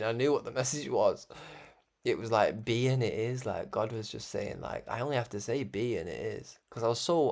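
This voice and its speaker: A young man hosting a religious broadcast, talking in a rambling, animated way with frequent laughs. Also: mid-range voice, vocal fry. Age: young adult. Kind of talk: casual spoken monologue.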